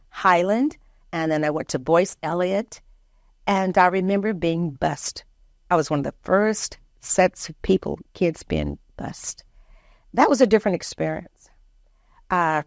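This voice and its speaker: A woman's voice: medium pitch, dry recording, studio quality. An older woman from the American South, a community leader telling childhood stories in an interview and acting out what her family said. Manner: lively storyteller who acts out family quotes. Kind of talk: reminiscing interview storytelling.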